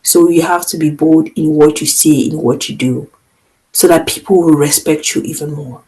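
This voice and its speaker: A woman co-hosting a podcast in casual chat, talking firmly and emphatically with lively swings in loudness. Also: low-pitched, moderate pace, rough recording. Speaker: podcast co-host.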